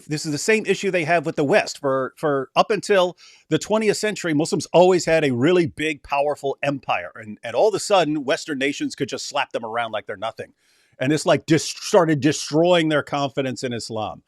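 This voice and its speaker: A man co-hosting a livestream, talking casually and mockingly, sometimes putting on shrill whining voices. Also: expressive, brisk, no room sound, clean studio sound. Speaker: livestream co-host.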